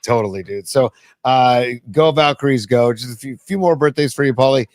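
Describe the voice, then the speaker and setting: A man co-hosting a podcast, relaxed and casual, reading out a list of birthdays. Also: medium pitch, normal speed, no echo. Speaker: podcast co-host. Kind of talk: casual sports and pop culture chat.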